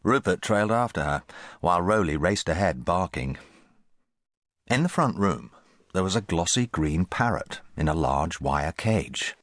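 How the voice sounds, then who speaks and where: A man reading a children's audiobook in scripted, expressive narration on a close studio mic. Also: deep voice, a little slow, no room sound. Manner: expressive storytelling.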